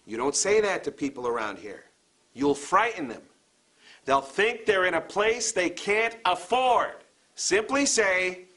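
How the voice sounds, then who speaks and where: A man's voice: sits high, fairly bright tone, exaggerated voice. A man playing a bossy teacher who lectures on a local dialect in a comedy sketch. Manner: deliberate, exaggerated lecturing delivery. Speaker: teacher of a comic dialect class.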